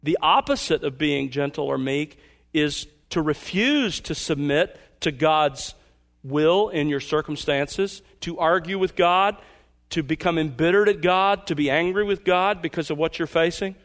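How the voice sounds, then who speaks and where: A man preaching as pastor, earnest, asking his listeners pointed questions and slowing down for emphasis. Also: on the high side, fairly bright tone. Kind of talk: sermon.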